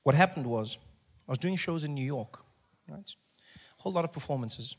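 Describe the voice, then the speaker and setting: A man from South Africa performing a stand-up comedy set, telling stories with lively character voices and sudden soft passages. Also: on the high side, brisk. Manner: animated storytelling, acts out characters, drops into soft voice. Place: live comedy venue with audience.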